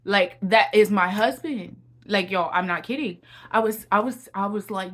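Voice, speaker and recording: A woman's voice: medium pitch, moderate pace, hardly any pauses. A young woman giving a heartfelt personal testimony and encouragement to viewers, often repeating her phrases and calling them y'all. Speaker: Christian encouragement vlogger.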